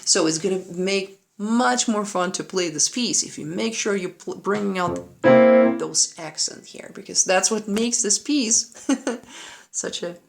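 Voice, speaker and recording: A woman with a medium-pitched voice, a little slow and marked by vocal fry, gives a play-along piano lesson in a room with a piano playing behind her. She patiently explains, counts and sings rhythms aloud while demonstrating, and checks in with "right?" often.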